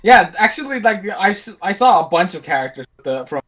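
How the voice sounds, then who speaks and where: Loud laughing commentary co-host. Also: mid-range voice, sing-song, brisk. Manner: loud, laughing, swearing banter. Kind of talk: casual commentary banter.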